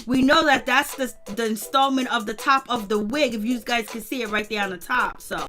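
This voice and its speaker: A woman hosting a casual recap show, chatty and animated, often laughing and talking straight to her viewers. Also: a little high, a little fast, soft background music. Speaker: host of a reality-show recap channel. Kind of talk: casual commentary.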